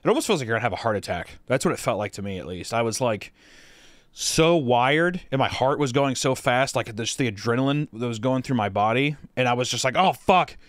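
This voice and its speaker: Male podcast co-host, mid pitch, dry close mic, rambling profane storyteller. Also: a little fast, dry recording. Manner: profane, rambling with many fillers. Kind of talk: casual storytelling.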